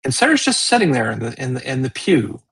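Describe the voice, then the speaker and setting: A man's voice: mid-range voice, sing-song, fast, a bit bright, husky, no room sound, poor audio. A man narrating as game master of a tabletop game, rambling with many fillers and restarts.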